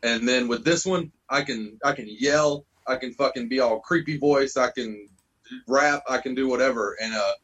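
A man with a husky, slightly breathy voice talks fast and loose. He is animated, swears freely and throws "bro" into nearly every thought, like a band guest chatting on a podcast. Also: medium pitch, dull audio. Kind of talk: casual chat.

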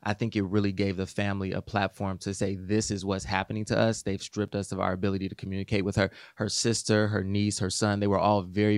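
Man, co-host, lower voice, earnest and measured, dry sound. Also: no room sound. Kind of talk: casual discussion.

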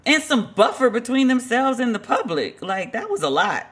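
Bright-voiced woman telling a story. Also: on the high side, big pitch swings, moderate pace, slightly rough. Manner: chatty, lots of "like" fillers, incredulous asides. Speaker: podcast host. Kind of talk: casual storytelling monologue.

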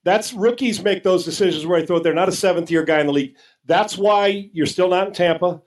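A man's voice: sits high, brisk, low-quality recording. A man co-hosting a sports talk show, arguing emphatically and casually with some profanity, often repeating words as he starts a sentence.

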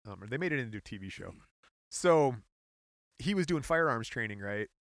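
Lively, playful man chatting. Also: mid-range voice, a little fast, dry recording, clean studio sound. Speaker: podcast co-host. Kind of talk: casual chat.

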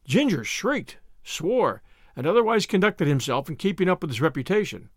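A man narrating a classic novel aloud with expressive, animated storytelling. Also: high-pitched, moderate pace, no room sound, clean studio sound. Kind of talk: audiobook reading of a classic novel.

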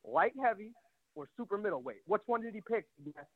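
A man's voice: high voice, animated, brisk. Breathless cocky man on a phone line. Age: 30s. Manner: cocky trash talk, profane. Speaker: fighter calling in. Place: gym.

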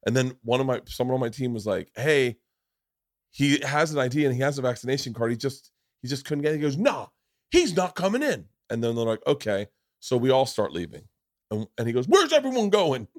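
A young adult comedian telling a story in casual podcast chat, jumping into high voices to act out the people he quotes. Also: fast talker, no echo, studio quality. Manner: animated, jumps to high pitch acting out quoted people. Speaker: comedian guest.

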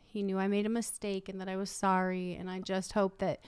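A woman's voice: medium pitch, level tone, brisk, clear, resonant tone, no echo. A woman in her thirties, a mother chatting casually, telling a story and quoting herself. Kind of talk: casual chat.

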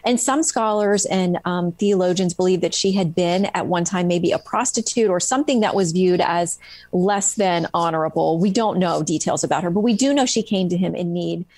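A woman's voice: on the low side, normal speed, darkish tone, no room sound. A middle-aged woman, a guest author in an interview, retells stories earnestly and with animation, with plenty of "um"s, in a dry-sounding recording. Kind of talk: conversational storytelling interview.

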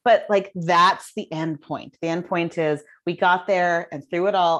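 A woman guest author telling stories about parenting in an animated, casual way. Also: on the low side, measured pace, highs cut off. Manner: animated, lots of fillers. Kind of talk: casual storytelling chat.

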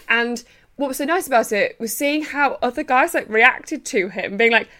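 A woman's voice: fairly high pitch, normal speed, bright, forceful tone. A woman co-hosting a podcast, chatting playfully with lots of asides. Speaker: podcast co-host. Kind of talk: casual chat.

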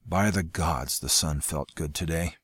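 A man reading a fantasy novel aloud in a steady, measured narration. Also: a bass voice, slightly rough, no echo. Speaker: audiobook narrator.

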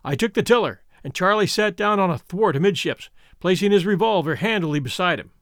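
A man's voice: brisk, no echo, clean studio sound. A man narrating an adventure story in the first person, reading expressively. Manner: expressive reading with lively pitch. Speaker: audiobook narrator.

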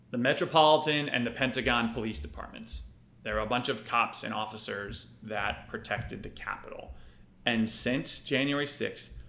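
A man co-hosting a podcast, chatting loosely with lots of fillers and restarts. His mid-pitched voice rings in a roomy space. He swears now and then and circles back mid-sentence. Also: bright, forceful tone. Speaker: podcast co-host. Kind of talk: casual chat.

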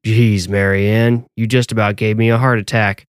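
A man voicing a blind adult man who is steady and protective, talking in a plain, gruff, reassuring way. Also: on the low side, normal speed, no echo, studio quality, close to an everyday voice.

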